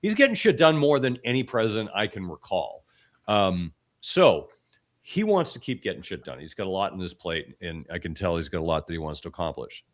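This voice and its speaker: A man hosting a podcast, hoarse from a cold, talking bluntly and with opinion, often restarting his sentences. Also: big pitch swings, brisk. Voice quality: extra deep voice. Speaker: podcast host. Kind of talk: casual podcast commentary.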